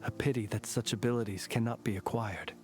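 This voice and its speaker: A man's voice: fairly low pitch, steady tone, a little fast, soft background music, close to an everyday voice. An actor playing a courteous, wounded young male hero in a game, speaking in a formal, old-fashioned way. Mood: courtly, weary. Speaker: game character. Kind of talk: game voice acting.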